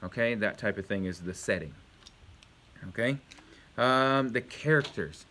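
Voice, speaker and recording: A man with a bright, forward voice leads a home video lesson for young children. He is patient and encouraging, quizzing the kids and praising each answer. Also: on the low side, a little slow, slight background noise. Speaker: elementary school teacher.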